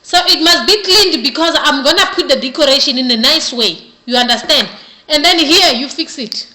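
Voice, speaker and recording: A young woman talks through a joking beauty tutorial in a mock-serious, playful way. Her voice sits high and sounds bright. The room around her is echoey. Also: moderate pace. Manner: playful mock-serious, keeps asking "you understand?". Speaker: beauty vlogger. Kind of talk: comedic tutorial.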